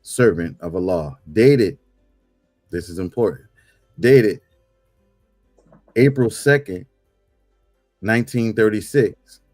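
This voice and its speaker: A man with a low voice reads aloud during a class, measured and stressing important words. The sound is very dry and close. Faint music plays underneath. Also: animated, a little mellow, no room sound. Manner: measured, stressing key words when reading. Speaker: student reading aloud in class.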